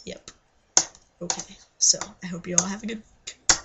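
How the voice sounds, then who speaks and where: A woman's voice: on the low side, fairly even intonation, fairly quick, heavy background noise. A young adult woman in her bedroom at night, ranting into her webcam in a scattered, agitated way and swearing often. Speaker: vlogger. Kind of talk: rambling webcam rant.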